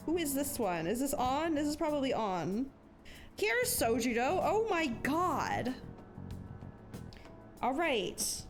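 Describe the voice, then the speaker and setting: A woman's voice: high-pitched, big pitch swings, slow pace, pauses often. A young adult woman streaming a game, chatting casually and self-deprecating, swearing now and then. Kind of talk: casual live gameplay commentary. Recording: game music behind her voice.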